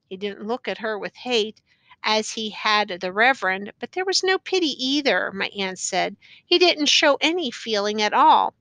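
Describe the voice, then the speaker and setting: A woman narrating an audiobook in a measured, even manner. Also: medium pitch, dry recording. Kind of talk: scripted narration.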